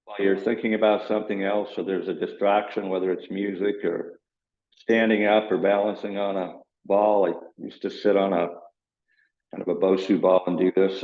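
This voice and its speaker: A man with a fairly low voice talks through his own channel in a loose, meandering way, still husky from the morning. The sound is roomy and dull, as if from a computer mic on a video call. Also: level tone, normal speed. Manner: rambling, loosely explaining. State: morning voice, clearing throat. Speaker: channel host. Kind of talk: casual vlog talk.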